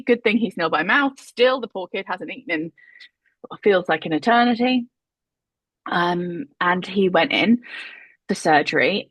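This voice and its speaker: A woman tells her story in a chatty way, laughing a lot and swearing freely. Her voice sits low and husky. The sound is dry and close, with no room echo. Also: a bit bright. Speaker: podcast guest, mother. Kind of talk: casual storytelling.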